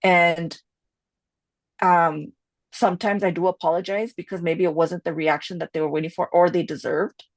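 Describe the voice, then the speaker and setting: This woman co-hosts a casual podcast, sharing candid stories and dropping in Spanish phrases as she chats. Her voice is lowish and steady at a normal speed, packed with "you know" fillers, and there's no room sound in the recording.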